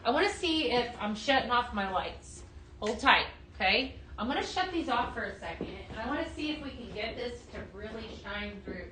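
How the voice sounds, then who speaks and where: A woman hosting a live sales stream, gushing excitedly and talking straight to her viewers in a chatty product demo. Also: on the high side, normal speed, slight background noise, rough recording. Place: indoors, dimmed room.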